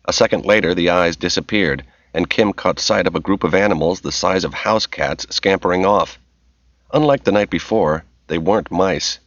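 Deep-voiced man narrating a story. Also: normal speed, a bit bright, dry recording. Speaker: audiobook narrator. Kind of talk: scripted narration. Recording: slightly dull dry recording.

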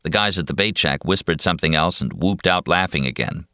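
A man narrating a novel in a steady, measured storytelling voice. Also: sits low, clear, resonant tone, dry recording, clean studio sound. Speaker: audiobook narrator. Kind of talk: scripted narration.

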